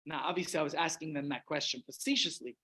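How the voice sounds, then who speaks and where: A man's voice: fairly high pitch, quick pace, bright, forceful tone, poor audio. A man with a Russian accent, a rabbi telling a long humorous anecdote in a chatty, self-interrupting way. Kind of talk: anecdotal storytelling talk.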